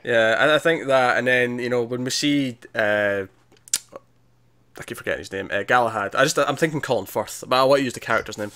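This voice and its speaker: A man's voice: mid-range voice, brisk, pushed and bright. A man co-hosting a casual movie discussion, chatty, laughing often and restarting his sentences. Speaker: podcast co-host.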